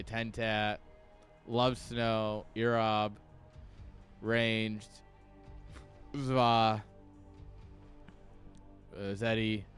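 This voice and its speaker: A man chatting casually on his livestream from home, tipsy, loose and profane, rambling from one tangent to the next. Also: mid-range voice. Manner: loose, rambling and profane, laughs between thoughts. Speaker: stream caster.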